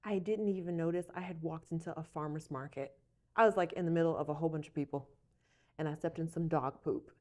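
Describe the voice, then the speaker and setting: A woman, a coffee shop owner, telling a story in a casual interview, animated and acting out dialogue. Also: low-pitched, fast talker.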